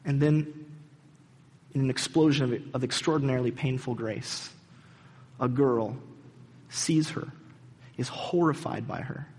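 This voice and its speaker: A man's voice: mid-range voice, steady tone, unhurried, pauses often, a little mellow, husky. A man preaching a sermon, retelling a story in an earnest, dramatic storytelling manner. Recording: hall reverb.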